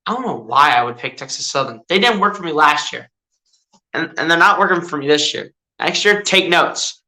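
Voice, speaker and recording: Man, fan play-by-play streamer, chatty, excitable, fairly high voice, bright and forceful. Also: normal speed. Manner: chatty and excitable, often says "dude". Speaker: streamer doing live play-by-play. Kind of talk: casual fan play-by-play commentary.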